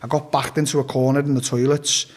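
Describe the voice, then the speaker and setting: An interview guest with a mid-range voice tells a story fast and flatly, keeping it blunt, casual, and profane while acting out what people said.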